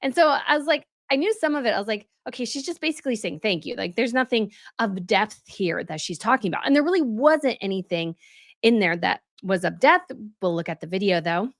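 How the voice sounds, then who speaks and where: An American woman with a neutral accent chats her way through royal news in a casual commentary vlog, rambling and full of asides. Her mid-range voice is expressive and brisk, and the studio recording is clean with no echo.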